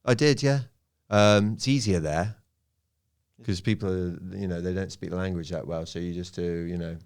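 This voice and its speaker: A man's voice: low voice, normal speed. A young man in casual podcast chat, telling rambling, self-mocking stories into a studio microphone. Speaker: guest comedian.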